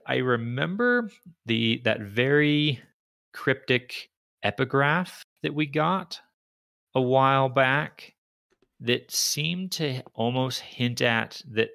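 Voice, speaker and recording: A man co-hosting a podcast discusses a book casually, thinking aloud in a hesitant way and often restarting his sentences. His medium-pitched voice is gravelly and fairly bright, with no echo.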